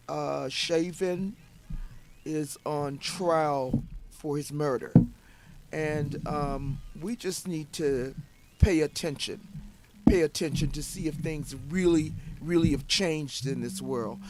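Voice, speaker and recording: A woman's voice: low-pitched, takes it slowly, heavy background noise. Subdued woman hosting an internet radio show. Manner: subdued, hesitant, many fillers. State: low and saddened. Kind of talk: casual radio show talk.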